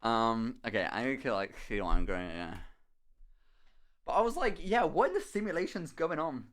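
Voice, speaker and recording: A young man from Somerset, a streamer chatting casually while he paints, telling stories excitably with lots of swearing and laughter. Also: medium pitch, moderate pace. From Somerset, England. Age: young adult.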